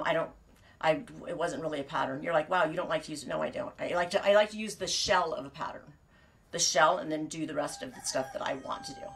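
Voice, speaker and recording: A woman with a slightly low voice chats casually on a live knitting stream from home on her farm. She rambles, restarts her sentences, laughs a lot and drops the odd swear word. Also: a bit bright. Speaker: knitting show host and sheep farmer.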